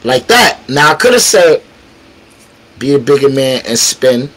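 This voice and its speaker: Animated storytelling man, husky lively voice. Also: mid-range voice, unhurried, low-quality recording. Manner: acts out quotes, slangy street talk, emphatic sound effects. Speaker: battle rapper telling a story.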